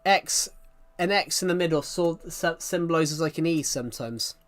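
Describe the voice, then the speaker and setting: A British man chatting casually with viewers on his live stream, using a louder, cheerful streaming voice and rambling from one thought to the next. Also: a little high. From United Kingdom. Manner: puts on a louder, happier voice for the stream; rambling, chatty, quick to apologize.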